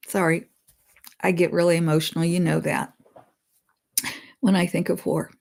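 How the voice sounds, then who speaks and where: Woman, psychic medium, low-pitched, earnest, reads messages aloud then explains them, talks to listeners as friends. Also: fairly even intonation, moderate pace, vocal fry, pauses often, darkish tone. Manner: stops to comment and rephrase, laughs at her own slips.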